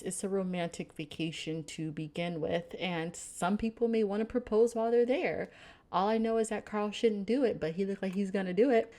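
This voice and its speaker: Chatty woman reviewing a film. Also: fairly low pitch. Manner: animated, chatty, laughs often. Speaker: film reviewer, channel host. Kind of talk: casual film review narration.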